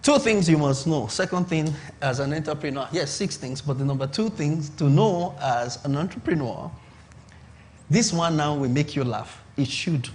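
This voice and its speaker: A man's voice: on the high side, lively intonation, normal speed, darkish tone, slight background noise. A middle-aged Nigerian man preaching a sermon on business, emphatic and repetitive, checking in with his audience. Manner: emphatic, repeats points and asks the audience to confirm. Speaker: pastor.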